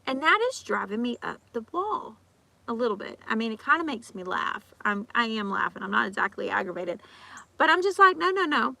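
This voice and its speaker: Her voice is on the high side, gravelly and sharp, very animated, and recorded without echo. This female vlogger goes on a casual rant packed with repetitions, acted-out quotes, fast talk and restarts.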